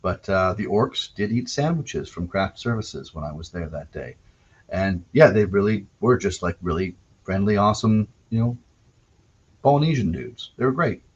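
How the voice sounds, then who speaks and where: A man's voice: fairly low pitch, expressive, moderate pace, husky. A man from Canada hosting a solo podcast, telling rambling, digressive anecdotes with wry self-corrections. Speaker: podcast host. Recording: dull lo-fi recording.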